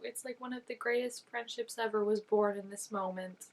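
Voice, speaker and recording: A young woman talks through a TV episode in a casual reaction video. Her chatter is gushing and full of "like" fillers. Her voice sits at an ordinary middle pitch. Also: fairly even intonation, moderate pace, darkish tone. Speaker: reaction channel host.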